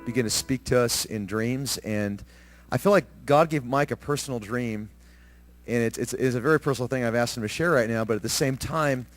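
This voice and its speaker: A male pastor speaks earnestly to his congregation, pausing and restarting now and then. His pitch is ordinary for a man. Soft music plays faintly behind him. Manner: earnest, slightly halting. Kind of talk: introducing a testimony in church. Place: church.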